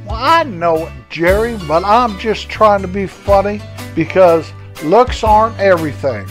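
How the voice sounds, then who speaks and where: A man's voice: high-pitched, animated, unhurried, faint music behind, pitched above the performer's own voice. A man voicing a chatty, jokey old country man who rambles in a homespun way. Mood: folksy. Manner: rambling, homespun, self-correcting.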